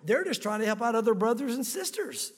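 High-voiced man preaching in a hall. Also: very animated, a little fast, husky. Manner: earnest, speaks directly to listeners with rhetorical questions. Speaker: pastor. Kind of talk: sermon.

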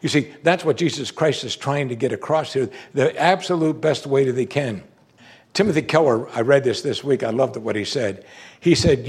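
A middle-aged man preaches with a slightly husky voice. His pitch rises and falls in lively swoops as he drives points home, then drops low and quiet. It is the steady cadence of a pastor at the pulpit. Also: moderate pace. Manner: animated, preacherly, swinging from loud emphasis to low quiet. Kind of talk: sermon.

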